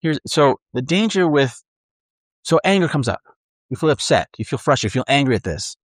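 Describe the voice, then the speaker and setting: A man's voice: medium pitch, sing-song, moderate pace, dry recording. A man preaching a conversational sermon, earnest, acting out the inner voices of his listeners.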